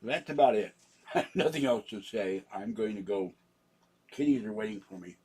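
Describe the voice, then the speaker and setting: A man's voice: fairly low pitch, expressive, moderate pace, a little mellow, husky. A man vlogging in a rambling, casual chat, grumbling and chuckling to himself.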